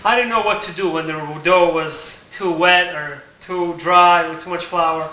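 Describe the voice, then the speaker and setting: A man walks through a recipe in his home kitchen, relaxed and explanatory, often checking in with his viewers. His voice is very bright and slightly high. It sounds roomy and set back from the mic, with faint kitchen clatter behind. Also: measured pace, far from the mic, a little hiss or hum. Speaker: home baker teaching a recipe. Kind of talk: casual cooking tutorial.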